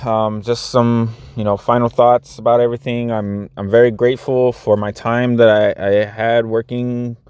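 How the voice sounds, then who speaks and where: A man's voice: mid-range voice, little pitch movement, moderate pace, hardly any pauses, a little mellow, clean tone, dry recording. A man in his thirties talking casually to his viewers as a vlogger, earnest and rambling, with many restarts. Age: 30s. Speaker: vlogger and after-school teacher. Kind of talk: casual vlog talk to viewers.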